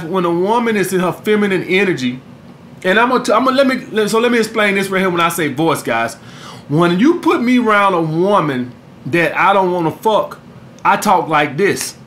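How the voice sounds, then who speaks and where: A man's voice: high-pitched, fairly bright tone, a little hiss or hum. A man giving dating advice in a podcast monologue, blunt and profane, who keeps saying "guys" and "all right?" to his listeners. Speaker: dating coach and podcast host.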